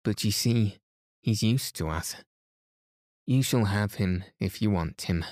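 A man voicing a clever boy who keeps calm and talks in a steady, measured way. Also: on the low side, no echo, clean studio sound. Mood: persuading.

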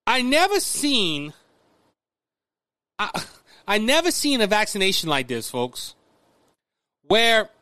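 A man's voice: high voice, fairly bright tone, no echo. A man from Louisiana, hosting a political commentary podcast, stumbling through restarts and addressing listeners as folks. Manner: repetitive restarts, talks straight to listeners as folks. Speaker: podcast host.

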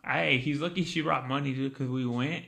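A man's voice: mid-range voice, fairly even intonation, moderate pace, vocal fry, bright, forceful tone. A young man hosting a casual podcast, telling stories with a lot of swearing and "dude" after every few words. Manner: profane, says "dude" constantly. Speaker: podcast host. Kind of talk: casual storytelling chat.

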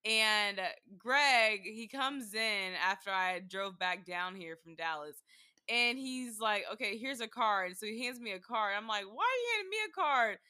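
A woman's voice: medium pitch, measured pace, smooth, no room sound, studio quality. A young woman in her twenties chatting casually as co-host, telling stories with acted-out quotes. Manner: animated storyteller who acts out quotes. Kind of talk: casual chat.

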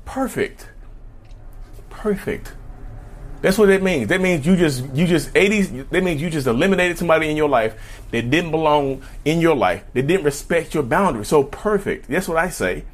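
A man's voice: on the high side, moderate pace. A man with a slight lisp from new dental work, giving viewers a rambling, emphatic advice rant and repeating his points. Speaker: vlogger.

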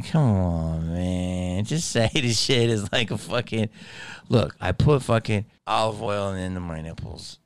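A middle-aged man doing a casual comedic monologue, profane and animated, slipping into put-on voices. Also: fairly low pitch, creaky, clean tone, no room sound.

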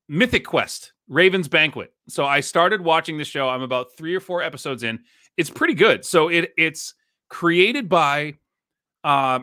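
Bright-voiced man chatting on a podcast. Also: fairly high pitch, dry recording, clean studio sound. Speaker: podcast co-host. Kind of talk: casual chat.

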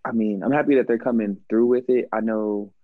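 A man's voice: on the low side, fairly even intonation, a little fast, no echo, phone-quality sound. A man talking as a podcast guest, laid-back and rambling, with lots of filler words. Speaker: guest, music artist. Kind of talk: casual chat.

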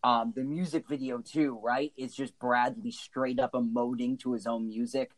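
This man, co-hosting a laid-back music podcast, gets enthusiastic and emotional and fills his speech with likes and ums. He has a medium pitch, a steady tone and a moderate pace, captured on a low-quality recording.

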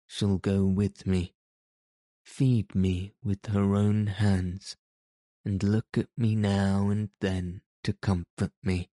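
A man's voice: on the low side, no room sound, clean studio sound. A cool, resolute young prince, as a man reads him. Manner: calm, cool and polite. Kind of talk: audiobook character reading.

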